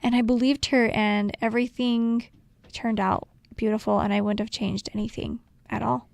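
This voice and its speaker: A woman podcast co-host casually telling her own story, animated, acting out quotes and laughing often. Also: fairly high pitch, normal speed, vocal fry, no echo.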